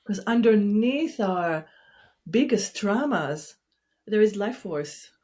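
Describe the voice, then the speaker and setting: Gentle, soothing woman therapist. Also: medium pitch, lively intonation, slow. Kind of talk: reflective conversation.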